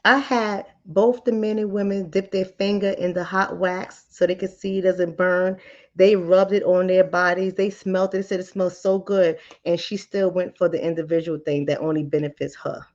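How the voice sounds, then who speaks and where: A woman hosting her channel in a casual monologue, lively and joking, with slang and frequent laughter. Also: fairly low pitch, normal speed. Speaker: channel host. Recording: slightly dull lo-fi audio.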